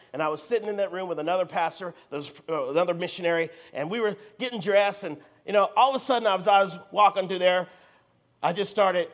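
An American man preaching a sermon, telling a story in an animated, theatrical way and acting out the dialogue. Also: sits high. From United States.

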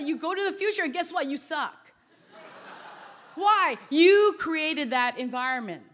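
High-voiced woman preaching animatedly. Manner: animated, swings between quiet asides and loud exclamations; conversational, laughs often. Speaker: pastor. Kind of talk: sermon to a youth audience.

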